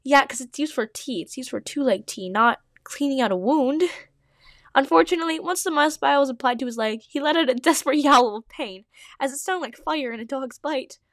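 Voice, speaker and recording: Woman, host, reading old fanfiction aloud, giggly self-mocking asides, fairly high voice, dry close sound. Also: brisk, no echo. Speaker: podcast host.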